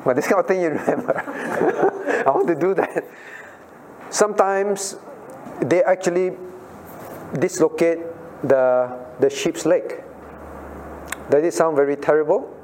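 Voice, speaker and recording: Pastor teaching a Bible class. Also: male voice, on the high side, expressive, measured pace, long pauses, darkish tone, a little hiss or hum. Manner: questions listeners by name, repeats key phrases. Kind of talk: interactive Bible study teaching.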